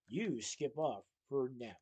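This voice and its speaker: A man's voice: on the high side, very animated, fairly quick, a little mellow. A man voicing a scheming, sneering male police chief who speaks slyly and with menace, in a storybook reading. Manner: sly and menacing.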